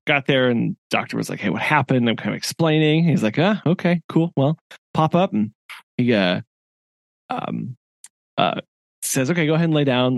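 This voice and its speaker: Recorded with studio quality and no echo, a middle-aged man with a creaky, medium-pitched voice co-hosts a podcast. He tells a story casually and laughs often.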